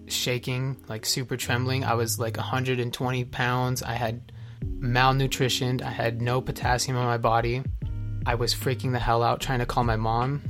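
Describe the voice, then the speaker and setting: A young man speaks candidly about his own struggles, earnest and confessional, often restarting his sentences. His pitch stays flat and level. Music plays clearly beneath him. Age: young adult. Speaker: person sharing his recovery story. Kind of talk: candid personal testimony.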